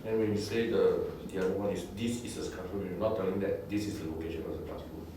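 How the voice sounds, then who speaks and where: A man's voice: low voice, fairly even intonation, fast. A man who is a student in a classroom, asking questions and thinking aloud about the grammar. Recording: far off in a very echoey room, noisy.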